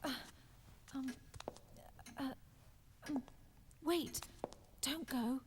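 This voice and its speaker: An actress voicing a frightened, confused young woman in a video game, speaking softly and haltingly. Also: high-pitched, a little hiss or hum. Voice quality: soft, hesitant, halting. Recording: game audio under commentary, from far off.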